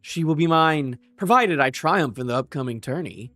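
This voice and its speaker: A man voicing a cold, haughty nobleman in a smooth, formal, self-assured tone while reading a manga aloud. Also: fairly high pitch, expressive, normal speed, fairly bright tone, no room sound, faint music behind.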